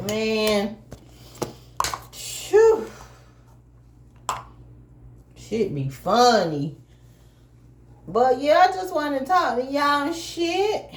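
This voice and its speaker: Woman vlogger, AAVE speech, higher-pitched voice, slangy and profane, teary from laughing, rambling story to camera. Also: lively intonation, drawn-out words, long pauses, a little hiss or hum. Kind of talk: casual storytelling vlog.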